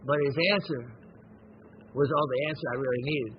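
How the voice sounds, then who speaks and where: A man hosting a gem and mineral show, talking in a slow, rambling, reflective way with many pauses and fillers. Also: medium pitch, fairly even intonation, muffled recording, slight background noise. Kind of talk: unscripted educational show talk.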